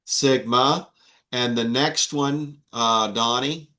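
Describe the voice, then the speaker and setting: A man's voice: mid-range voice, slow pace, pushed and bright. A man teaching an online Greek class, patient and repeating himself with many fillers. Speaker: Greek instructor.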